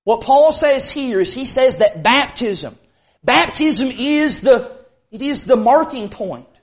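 A man preaching a sermon in an earnest, emphatic way, rushing some phrases and slowing hard on others. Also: very high-pitched, animated, lo-fi sound. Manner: earnest, emphatic, with sudden bursts of speed and slow stressed phrases.

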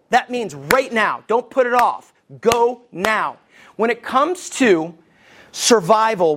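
A middle-aged man preaching a sermon as a pastor, folksy, with asides and jokes, swinging his pitch for emphasis.

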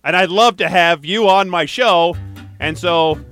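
A man's voice: high voice, a little slow, a bit bright, soft background music. A man hosting a casual podcast, upbeat and chatty, reading out a call-in number and plugging next week's show. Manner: upbeat, chatty, laughs easily. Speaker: podcast host.

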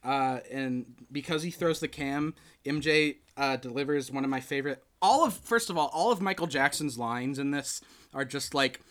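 A man hosting a podcast, chatting casually and retelling a film with lively acted-out quotes. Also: medium pitch, moderate pace. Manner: animated storytelling, acts out quotes. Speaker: podcast host. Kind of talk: casual chat.

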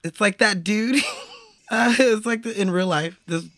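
A woman's voice: mid-range voice, a little slow, a bit bright, dry recording, clean studio sound. A woman co-hosting a casual podcast chat, swearing freely and laughing often. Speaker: podcast co-host.

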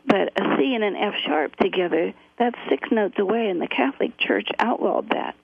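A woman's voice: medium pitch, lively intonation, normal speed, creaky, noisy background. A middle-aged woman guest telling her story earnestly, with frequent fillers. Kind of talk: interview on a phone line. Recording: tinny phone line.

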